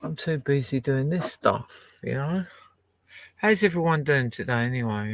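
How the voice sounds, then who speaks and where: A man's voice: medium pitch, lively intonation, measured pace, no room sound. A man in his sixties, chatting casually and swearing as he plays vinyl records and jokes at himself. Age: 60s. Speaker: home DJ playing vinyl records. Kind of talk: casual chat.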